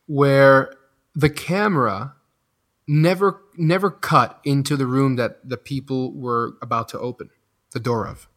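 A man's voice: mid-range voice, measured pace, a bit bright. A man hosting a casual interview, enthusiastic and stumbling over his words as he asks questions.

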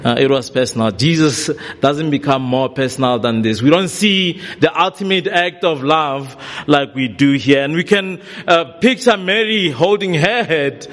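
A man's voice: a little high, measured pace, few pauses, a bit bright. A man preaching a sermon in a church hall, earnest and repeating key phrases for emphasis. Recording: long reverb of a large hall.

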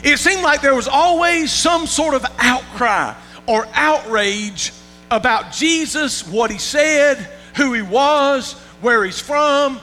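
A high-pitched man preaches a folksy sermon, often stumbling over repeated words and asking if the congregation is with him. His voice is sharp and very bright, and it rings with long reverb over faint music and a mains hum. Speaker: pastor.

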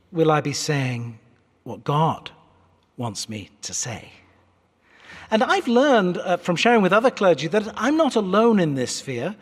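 A British man in his fifties delivers a sermon from the pulpit in a fairly high, very animated voice. He is articulate and earnest, slipping in wry asides. His words echo through a large church hall. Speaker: pastor.

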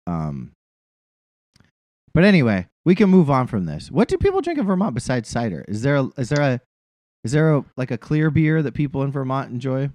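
A man's voice: medium pitch, huge pitch swings, fairly quick, darkish tone, no echo. A man co-hosting a podcast, chatting casually in a rambling, profane way. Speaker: podcast co-host. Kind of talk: casual chat.

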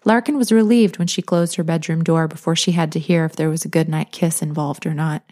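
A woman narrating a novel as an audiobook, in a calm, even manner. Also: low-pitched, fairly quick. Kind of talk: scripted narration.

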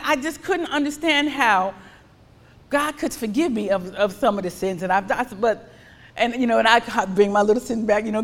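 A woman preaching an animated sermon with call-and-response from the congregation. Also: a little high, gravelly. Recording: long hall reverb.

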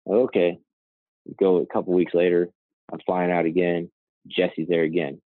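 A man's voice: deep voice, monotone, normal speed, no room sound. A man who co-founded and runs a nonprofit, telling a story in a rambling, conversational way with frequent "right?" and "you know" asides. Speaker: nonprofit co-founder and CEO, guest. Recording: dry, tinny phone-like line.

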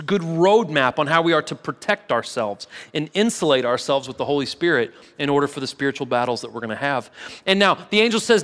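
A man's voice: a little high, animated, fairly quick, a bit bright, long reverb tail. A man preaching a sermon as pastor, reading scripture aloud and explaining it in a conversational way, often repeating words as he thinks aloud.

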